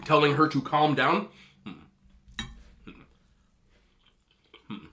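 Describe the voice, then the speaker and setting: A man in his thirties eating on camera, giving emphatic, animated relationship advice to other men and telling stories in a casual chat. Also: a little high, slow. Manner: storytelling with repeated disapproving hums. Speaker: mukbang vlogger.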